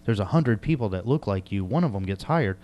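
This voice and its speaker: A man's voice: on the low side, expressive, brisk, dull audio. Man, radio host, from North Carolina, chatty, laughs a lot. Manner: laughing, self-mocking, chatty. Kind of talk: casual interview chat.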